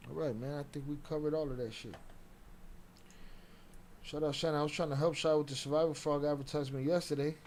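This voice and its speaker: Man, casual commentary, slangy, profane, slightly high pitch. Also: fairly even intonation, quick pace, pauses often, a little mellow, slight background noise. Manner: loose slangy talk with profanity. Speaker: commentary streamer.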